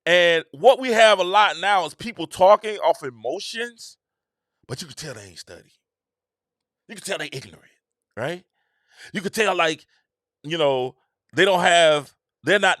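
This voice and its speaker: A man hosts his own show in a slangy, emphatic riff. His voice sits high and swings widely in pitch, with a bright, tense edge, recorded dry and close. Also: sing-song, moderate pace, pauses often, no echo. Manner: repetitive, emphatic, slangy and conversational. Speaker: show host. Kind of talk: casual commentary monologue.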